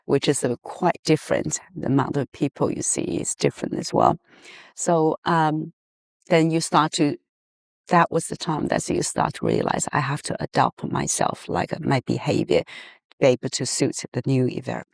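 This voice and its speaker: A man's voice: fairly high pitch, sing-song, normal speed, vocal fry, dry recording, clean studio sound. A man from China hosting an interview, asking eager probing questions and adding frequent short affirmations. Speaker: podcast host, interviewer. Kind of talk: conversational interview.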